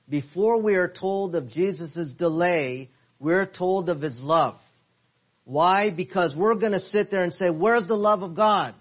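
A man teaching a Bible class, asking his listeners questions and stressing key words. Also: a little high.

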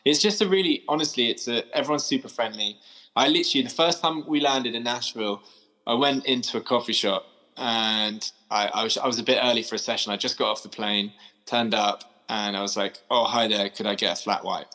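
Bright-voiced man, animated storyteller. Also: medium pitch, a little fast, low-quality recording. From London. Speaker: band member and songwriter. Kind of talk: casual interview chat.

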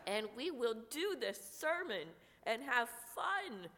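A woman pastor with a cold preaching a sermon, slow and earnest with touches of humor. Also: a little high, very animated, bright, forceful tone. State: has a cold, coughing. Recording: long reverb of a large room.

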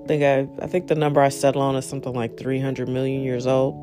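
Relaxed monologue voice, chatty and digressive, livens up on anecdotes; soft guitar bed. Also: medium pitch, fast talker. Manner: rambling, many fillers and asides; animated when retelling exchanges. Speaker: monologue speaker. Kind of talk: casual storytelling and advice.

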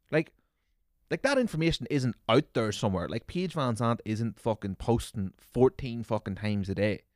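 Man, comedy podcast host, sweary sarcastic rant, mid-pitched voice, dry close sound. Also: expressive, moderate pace, no echo. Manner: sweary, sarcastic, bursts into loud mocking rants. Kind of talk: ranting comedic monologue.

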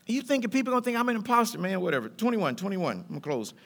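A middle-aged man preaches a sermon in a church, his voice pitched high and bright. He talks in a loose, colloquial rhythm that keeps building in fervor. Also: sing-song, racing, gravelly. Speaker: pastor. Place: church sanctuary.

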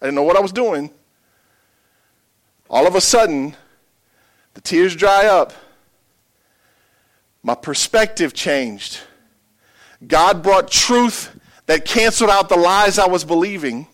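A man preaching a sermon, telling a personal story with emotion, dropping quiet then building loud. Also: high-pitched, lively intonation, slow, pauses often.

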